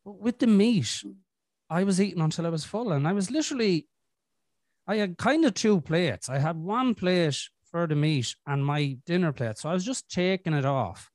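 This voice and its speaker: A man's voice: high-pitched, animated, normal speed, a little mellow, dry recording, clean studio sound. A man hosting a podcast, telling his own story in a candid, casual way and swearing often. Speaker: podcast host. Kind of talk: casual conversation.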